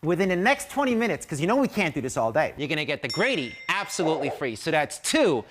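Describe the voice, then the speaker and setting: A middle-aged man pitching a kitchen gadget in a brash, joking infomercial patter. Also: sing-song, fast talker, noisy background. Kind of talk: fast-talking infomercial demonstration.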